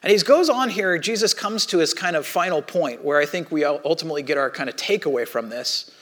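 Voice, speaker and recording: A pastor in his thirties, his voice a little high and a little fast, gives a sermon full of chatty storytelling. He brings the characters to life by acting out their voices, speaking conversationally and often starting over.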